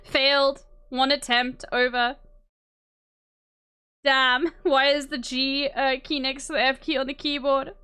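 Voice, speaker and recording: A woman's voice: sits high, little pitch movement, a little slow, sharp tone. A woman streaming a game, chatting casually and giggling while she reads the game's dialogue aloud in silly voices. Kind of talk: casual gameplay commentary. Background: game music.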